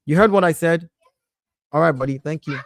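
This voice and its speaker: Guy in his 30s doing a chatty live stream from his home office, dry close sound, excitable, keeps breaking off to tell his kids off. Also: on the high side, a little fast, dry recording. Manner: animated, breaks off to scold his kids and greet viewers. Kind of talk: casual live-stream chat.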